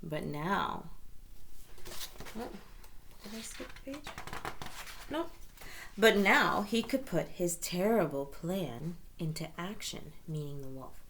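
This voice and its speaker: A woman reading a picture book aloud to children, playful and expressive, with chatty asides. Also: lowish voice, slow pace, long pauses, a little hiss or hum.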